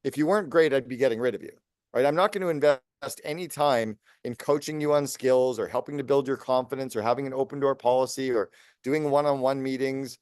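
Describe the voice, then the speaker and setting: A man in his late fifties, a business coach speaking as a podcast guest, talking fast and energetically in long lists. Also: mid-range voice, darkish tone, clean tone, dry recording, studio quality. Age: 50s. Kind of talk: podcast interview.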